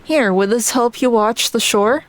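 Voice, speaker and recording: A woman's voice: fairly high pitch, measured pace. A woman streamer giving casual gameplay commentary, reading the on-screen text aloud and stumbling over names.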